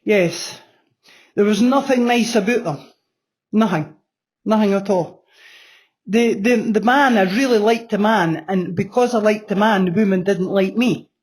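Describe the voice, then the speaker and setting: A woman's voice: mid-range voice, measured pace, darkish tone. A woman in her sixties giving a blunt personal testimony in an interview, swearing freely and repeating phrases for emphasis. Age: 60s. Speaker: interview guest.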